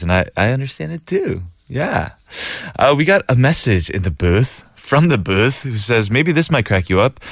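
A man's voice: mid-range voice, no echo, studio quality. A man hosting a casual radio show, reading listener messages and laughing easily. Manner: laughs easily, animated and chatty. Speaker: radio host. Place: radio studio booth.

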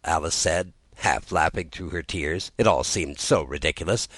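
A man narrating a children's storybook aloud in an expressive reading style. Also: low voice, normal speed, dry recording.

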